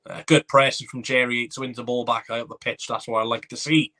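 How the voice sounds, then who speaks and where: A man gives live reaction commentary on a football match in a bright, forceful voice. He is excitable and chatty, and he reads viewer comments aloud. His pitch sits at a middle level. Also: a little fast. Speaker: fan watchalong host.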